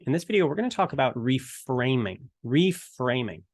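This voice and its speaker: A man's voice: medium pitch, normal speed, dry recording, studio quality. Chatty man teaching evangelism. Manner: storytelling, chatty, animated retelling. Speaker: evangelism trainer. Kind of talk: casual teaching talk to camera.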